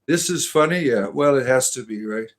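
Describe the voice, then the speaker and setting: A man's voice: mid-range voice, lively intonation, normal speed. A man hosting a livestream, reading chat aloud and answering with crude, sarcastic humor and preachy rants.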